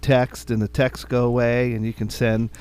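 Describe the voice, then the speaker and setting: A man's voice: mid-range voice, little pitch movement, normal speed, darkish tone, clean tone. A middle-aged man co-hosting a podcast, chatting casually in an easygoing, rambling way and often repeating words. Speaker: podcast co-host.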